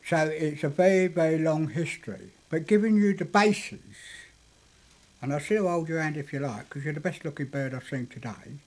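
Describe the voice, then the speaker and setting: Chatty older Cockney man, lively pitch. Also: moderate pace. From London, England. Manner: chatty, cheeky, flirtatious. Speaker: interviewee. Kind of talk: casual storytelling.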